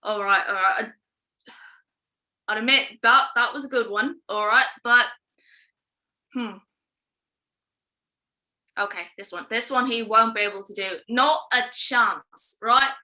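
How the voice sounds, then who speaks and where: A woman voicing a brash, bossy fairy godmother in a put-on accent, talking in a brisk, slangy, scheming way. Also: fairly high pitch, sharp tone. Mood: grudging. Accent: put-on, unplaced accent.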